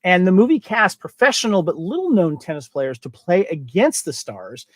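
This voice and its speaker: A man's voice: high-pitched, very animated, normal speed, no room sound. A man hosting a casual movie podcast, chatting and reading out trivia with frequent laughs. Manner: chatty, reads trivia and quotes aloud, laughs often. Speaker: podcast host.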